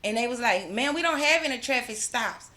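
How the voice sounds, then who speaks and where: A middle-aged woman with a high-leaning, expressive voice speaks fairly quickly, her tone bright and forceful. At an awards ceremony she gives an emotional personal testimony as a mother. She's fervent, uses religious phrasing, repeats herself, and restarts often.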